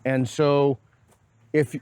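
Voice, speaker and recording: A man's voice: medium pitch, level tone, very slow, darkish tone, clear, resonant tone, no echo. A man with a Boston accent hosting a casual street interview, playful and teasing. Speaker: host. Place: outdoors on a college campus.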